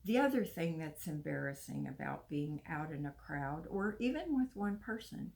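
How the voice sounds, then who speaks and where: A woman's voice: sits low, very animated, normal speed, creaky, a little mellow. A chatty older woman, talking casually to her viewers and laughing now and then. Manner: chatty, confiding, laughs often. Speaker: vlogger. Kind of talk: casual talk to camera.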